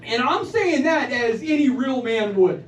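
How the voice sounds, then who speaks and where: A very high-voiced man does stand-up in a small improv club, expressive and unhurried, stammering and repeating words to mock himself. The audience laughs behind him, and the live sound is roomy and distant.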